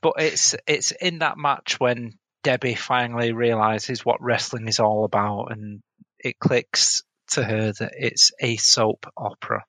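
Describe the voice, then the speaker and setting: Male co-host, wry asides, bright forceful tone, dry close mic. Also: medium pitch, fairly even intonation, measured pace, dry recording, low-quality recording. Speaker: podcast co-host. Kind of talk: casual chat recapping a TV episode.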